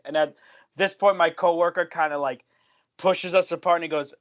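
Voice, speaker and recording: A young man with a somewhat high voice chats casually on a podcast. He tells a long story with energy and acts out each person's lines as he goes. The talk is loose and conversational. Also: fairly quick. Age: young adult. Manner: animated storyteller who acts out quoted dialogue. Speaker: podcast co-host telling a work story.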